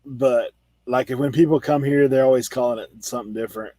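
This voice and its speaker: This male reseller host hails from the Outer Banks of North Carolina and has a drawl, a medium pitch, a steady, warm tone and a brisk pace. Hanging out casually on a video call, he banters, laughs a lot, piles on fillers and leans heavily on "like." His recording is close-miked, dry and echo-free.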